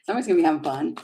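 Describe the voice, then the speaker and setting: A woman's voice: deep voice, creaky, heavy background noise. A woman giving a chatty live tarot reading, giggling and flustered as she talks. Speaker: tarot reader.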